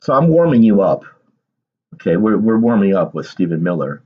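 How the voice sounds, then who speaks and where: A man's voice: lowish voice, big pitch swings, normal speed, highs cut off. A man doing casual political commentary on his vlog, reading aloud and then ranting emphatically with bursts of laughter.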